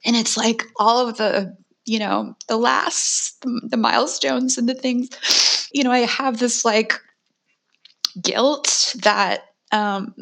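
Candid, fast-talking woman in her forties. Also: fairly high pitch, vocal fry, a bit bright. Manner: emotional, fast, frequent "like" fillers. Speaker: guest author. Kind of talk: candid conversational talk.

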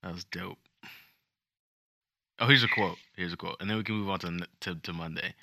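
Male podcast co-host, jokey and self-deprecating, low forceful voice, dry close mic. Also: normal speed, creaky, dry recording. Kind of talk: casual chat and reading news aloud.

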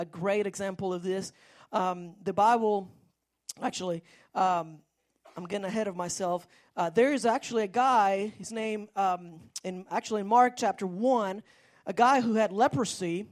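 A woman's voice: mid-range voice, darkish tone. A woman preaching a sermon, telling a story in a rambling way with frequent restarts.

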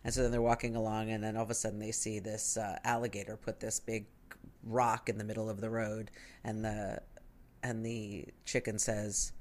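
A woman's voice: extremely low pitch, normal speed. A middle-aged woman co-hosting a casual chat, telling stories and acting out the voices in them. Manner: animated storyteller who acts out voices. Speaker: podcast co-host.

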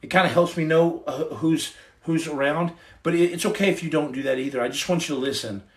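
A man's voice: fairly high pitch, fairly quick. A middle-aged man hosting a livestream, giving his testimony in an earnest, preachy, casual way into his phone. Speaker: livestream host.

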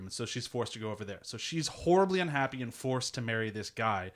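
A man casually pitching a film to others, laid-back, laughing often, swearing and full of "like" fillers. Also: quick pace, few pauses, fairly bright tone. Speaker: panelist pitching a movie. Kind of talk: casual spoken movie pitch.

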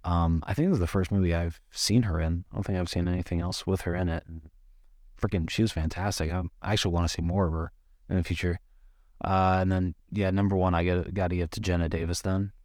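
A man co-hosting a casual movie review podcast, relaxed and rambling with mild swearing. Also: sits low, dry recording, studio quality. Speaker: podcast co-host.

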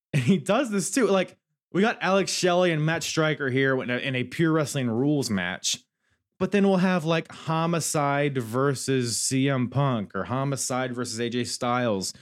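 A man hosting a podcast, rambling candidly through a casual review and swearing freely. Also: mid-range voice. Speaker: podcast host.

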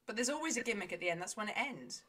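A woman's voice: mid-range voice, expressive, racing, pushed and bright. A woman co-hosting a podcast in casual chat, brash, laughing and swearing. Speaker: podcast co-host.

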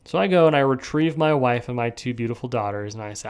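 A man's voice: medium pitch, fast, clean tone. A young man hosting a casual solo podcast, telling a rambling story with lots of restarts and asides. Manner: rambling, animated, self-interrupting. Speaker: podcast host.

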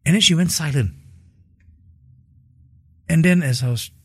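A middle-aged man, a guest in an interview, telling an emotional personal testimony in a halting way. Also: fairly high pitch, a bit bright, slightly rough, no room sound, clean studio sound. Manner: emotional storytelling, slow and halting in places.

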